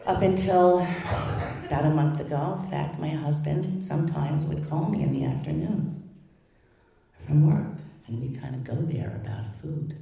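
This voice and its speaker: Low-voiced woman doing wry stand-up. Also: moderate pace, vocal fry, a little hiss or hum. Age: middle-aged. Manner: wry, self-mocking storytelling with deadpan punchlines. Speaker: stand-up comedian. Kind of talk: stand-up comedy routine. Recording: echoey stage heard from a distance.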